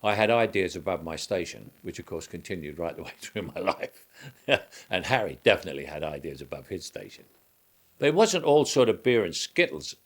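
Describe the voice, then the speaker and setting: Low-voiced older man reminiscing. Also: sing-song, fairly quick. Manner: rambling recollection with frequent restarts and chuckles. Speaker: actor. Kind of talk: reminiscing interview.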